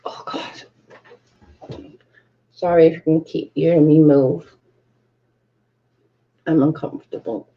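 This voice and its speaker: A woman's voice: low-pitched, steady tone, slow pace, pauses often, dull audio. Chatty British woman streaming from her bedroom. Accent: British English. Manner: chatty, reads out viewer comments, swears casually. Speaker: livestream host. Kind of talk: casual livestream chat.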